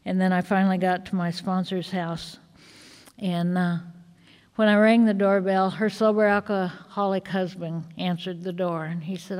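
A woman's voice: lowish voice, level tone, moderate pace, darkish tone. Woman sharing her story in a reverberant hall. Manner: earnest storytelling with fillers, rising to agitated retelling. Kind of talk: personal testimony at a recovery meeting.

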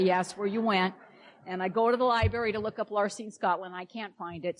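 A woman sharing a personal story at a recovery meeting, candid and wryly humorous. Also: fairly low pitch.

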